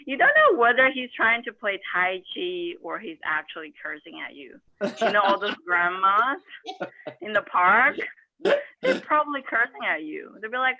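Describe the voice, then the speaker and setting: A young woman from China with a Chinese accent, doing a deadpan, self-mocking stand-up set and acting out quotes. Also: medium pitch, moderate pace. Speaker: stand-up comedian. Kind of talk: stand-up set over a video call. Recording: tinny phone-like audio.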